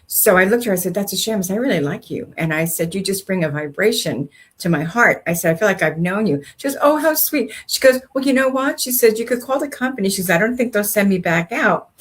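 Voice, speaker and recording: An older woman co-hosting a faith-based talk show, chatting casually and telling animated stories with acted-out dialogue. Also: mid-range voice, fast, few pauses, slightly rough. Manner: animated storyteller, acts out quoted speech. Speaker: co-host.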